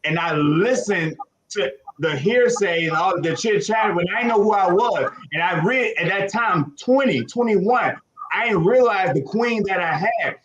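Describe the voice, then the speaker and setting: High-voiced animated man hosting a chat. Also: measured pace, dull audio. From Chicago, USA. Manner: animated, preachy advice-giving. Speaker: host. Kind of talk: casual chat.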